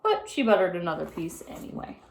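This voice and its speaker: A woman narrating a children's book aloud in an expressive storytelling manner. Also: on the low side, brisk, creaky, slight background noise. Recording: roomy echo.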